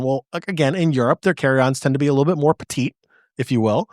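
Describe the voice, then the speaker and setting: Animated American podcast host. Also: male voice, a little high, very fast, no echo, clean studio sound. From United States. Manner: animated storyteller with frequent restarts. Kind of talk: casual chat, storytelling.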